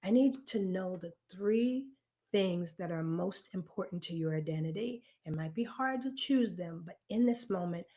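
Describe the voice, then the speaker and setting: A woman hosts a live online self-reflection workshop, addressing participants directly in an earnest, encouraging tone. She speaks emphatically and repeats key phrases, her voice on the low side, animated and warm, at a normal pace.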